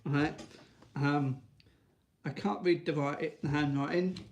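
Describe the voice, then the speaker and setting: Rambling man with gravelly voice. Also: steady tone, unhurried, darkish tone, dull audio, a little hiss or hum. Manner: rambling, restarts, frequent "right?"; high sing-song baby talk to his dog. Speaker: vlogger. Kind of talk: casual chat to camera.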